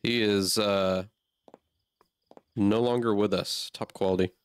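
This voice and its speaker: A man's voice: fairly low pitch, steady tone, takes it slowly, clean tone, dry recording. A man playing a horror game and talking through it aloud, easily startled and swearing often. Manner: jumpy, swears a lot, reacts aloud. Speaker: gamer.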